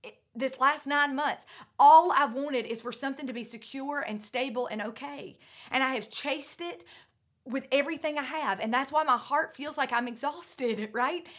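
A woman preaching a sermon, out of breath, earnest and emphatic, moving between loud urging and hushed lines. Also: sits high, normal speed.

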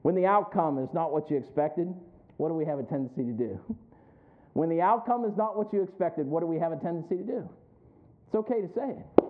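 Pria pendeta berkhotbah, suara tinggi, bunyi tipis. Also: male voice, on the high side, a little fast, slight background noise. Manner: preaches with rising, emphatic calls and questions to the congregation. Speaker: pastor. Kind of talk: sermon. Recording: tinny phone-like sound.

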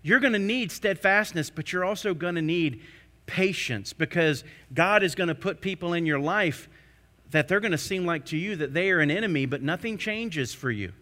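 A man preaching a sermon. He keeps asking the congregation rhetorical questions, building to emphatic peaks before dropping low again. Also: animated, moderate pace, bright, forceful tone.

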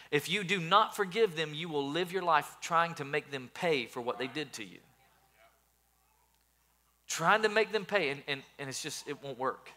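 A man's voice: fairly high pitch, sharp tone. A male pastor preaching a sermon earnestly, often repeating words as he builds his points.

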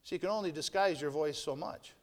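A man preaching a sermon, retelling a Bible story with lively shifts between loud narration and hushed asides. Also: a little high, a little fast. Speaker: pastor. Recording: long hall reverb.

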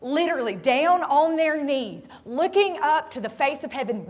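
A woman's voice: high-pitched, expressive, normal speed, few pauses, big-room sound. A woman pastor preaching a sermon in a church, asking her listeners direct questions and building to impassioned cries. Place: church sanctuary.

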